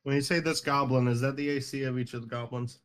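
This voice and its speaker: A man playing in a tabletop game, competitive and quick to argue the rules. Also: mid-range voice, fairly even intonation. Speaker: player. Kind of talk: casual chat at a game table.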